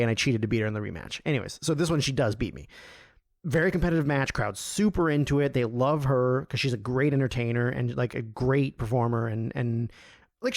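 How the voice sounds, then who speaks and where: A man at a middle pitch, recorded dry and close, telling a long backstage story. He rambles and swears often, and his voice lifts when he quotes others. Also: no echo. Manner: rambling, profane, animated when quoting others. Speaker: podcast host. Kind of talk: casual storytelling.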